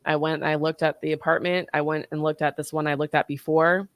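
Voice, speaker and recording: A woman's voice: low-pitched, quick pace, dry recording. A woman in her thirties telling a personal story in casual chat, acting out the voices in the dialogue she quotes. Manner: animated, acts out quoted dialogue.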